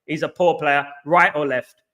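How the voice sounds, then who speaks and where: A man's voice: on the high side, steady tone, moderate pace, a bit bright. A man hosting a casual live chat, reading out viewer comments and answering emphatically, often repeating himself. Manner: emphatic, repeats "absolutely" and "you know what".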